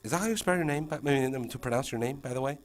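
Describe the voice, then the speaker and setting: A man's voice: mid-range voice, very fast. A man training a new teacher in a casual session, checking in often with frequent fillers and restarts.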